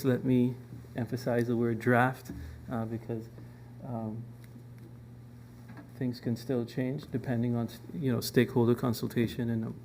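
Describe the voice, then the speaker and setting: A man presents a government department's plans to a parliamentary committee in a level, even delivery. His voice is mellow and dark, and he pauses often with ums and restarts. A faint hum of room noise sits behind him. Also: mid-range voice. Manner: measured, with frequent ums and restarts.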